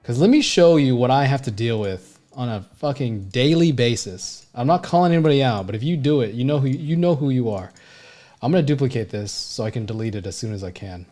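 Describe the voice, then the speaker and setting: A man's voice: medium pitch, animated, fairly quick, warm tone, faint music behind. Blunt, profane male art teacher. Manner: blunt and profane, heavy fillers like "you know what I mean"; emphatic, rambling with frequent restarts. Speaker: art instructor and designer. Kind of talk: casual livestream teaching.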